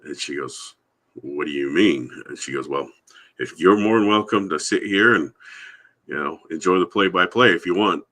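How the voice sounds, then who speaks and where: Very deep-voiced man telling a story. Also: normal speed, pushed and bright. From Yakama Reservation, Washington, USA. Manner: rambling anecdotal storytelling, acts out quoted voices. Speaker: guest, Sasquatch researcher. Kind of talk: storytelling in a live podcast interview.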